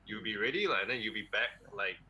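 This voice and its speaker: Rich: A man with a Malaysian English accent talks easily on a podcast, his slightly low voice husky yet sharply bright. He rambles a little as he shares his thoughts as a guest drummer. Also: expressive, fast, low-quality recording. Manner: easygoing, rambling, ends phrases with a tag particle. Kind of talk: casual podcast chat.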